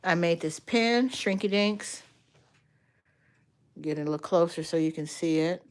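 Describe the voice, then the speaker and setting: An older woman, a grandmother and art instructor, chatting casually on a livestream, talking to viewers by name and retelling stories with lively energy. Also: fairly low pitch, unhurried.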